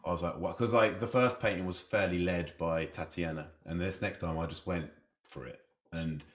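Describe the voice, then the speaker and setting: A man's voice: deep voice, steady tone, normal speed, a bit bright. A man telling his story casually as a podcast guest, chatty and self-deprecating, laughing often and leaning on "you know".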